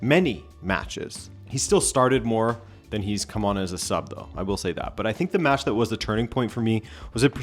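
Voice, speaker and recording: A man hosting a casual football vlog, talking in a rambling, stream-of-consciousness way with wry, opinionated asides. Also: on the low side. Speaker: football channel host.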